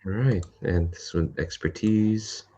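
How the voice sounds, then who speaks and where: A man's voice: low-pitched, slow, mellow, breathy edge, highs cut off. A man playing in a tabletop game, describing his character's moves hesitantly while thinking aloud. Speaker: player.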